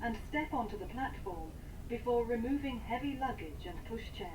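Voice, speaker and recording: A woman voicing a train announcer, speaking in a measured, formal way. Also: on the high side, animated, a little mellow, slight background noise, close to an everyday voice, poor audio. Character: calm female train announcer.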